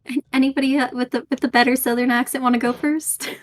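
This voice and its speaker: A woman's voice: sits high, level tone, fast talker, faint music behind. Giggly, hesitant woman player. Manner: giggly, self-conscious, hesitant with restarts. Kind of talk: casual chat at a tabletop game.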